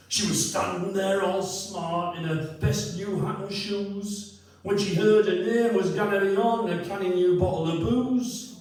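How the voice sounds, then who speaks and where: A man reciting a comic rhyming poem in a put-on Newcastle accent, loud and sing-song, heard echoing from a distance in a room. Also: high-pitched, voice pushed up. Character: boisterous Geordie ballad narrator, man. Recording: echoey room, mic far off.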